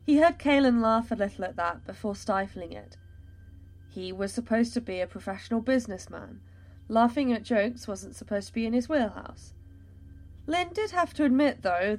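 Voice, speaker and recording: A woman narrating a fantasy story in a steady, measured storytelling voice. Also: medium pitch.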